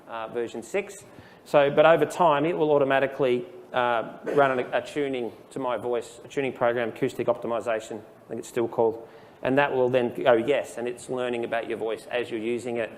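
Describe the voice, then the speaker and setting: A man giving a casual, explanatory software training presentation to a live audience in a room. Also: medium pitch, big-room sound. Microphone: handheld dictation microphone.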